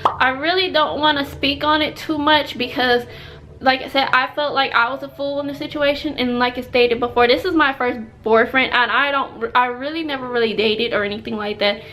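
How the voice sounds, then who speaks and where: A young woman with a high voice, recounting a personal story straight to camera. She talks in a chatty, emphatic way and circles back with plenty of fillers as she goes. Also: fairly even intonation, normal speed, sharp tone, slight background noise. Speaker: vlogger. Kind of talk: storytime vlog.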